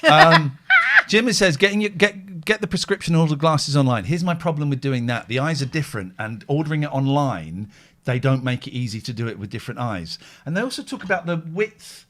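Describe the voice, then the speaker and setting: A man's voice: medium pitch, lively intonation, brisk. A man with a British accent hosting a casual chat show, rambling and interrupting himself with bursts of laughter. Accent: British English. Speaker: podcast host.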